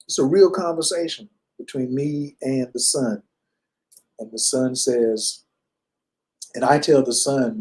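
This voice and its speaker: A man's voice: medium pitch, a little slow, pauses often, darkish tone, rough recording. A man in his fifties telling a personal story in a loose, conversational way, with many fillers. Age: 50s. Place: lives in Bali.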